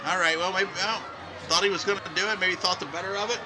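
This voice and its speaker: A man hosting and calling play-by-play over old wrestling footage, excitable, shouting on big moves and drifting into loose rambling asides. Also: sits high, fast, crowd noise, background noise. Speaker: host and wrestling commentator.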